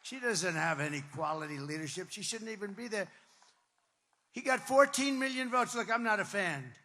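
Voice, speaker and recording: A man delivers a campaign rally speech into a podium mic, his voice high, gravelly and forceful. He talks emphatically, repeats lines for effect, drifts into asides, and now and then breaks into a shout. The sound rings with the long reverb of a big rally venue. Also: moderate pace. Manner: emphatic, repetitive, rambling asides, bursts of shouting. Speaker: political candidate addressing supporters. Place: large rally venue with crowd.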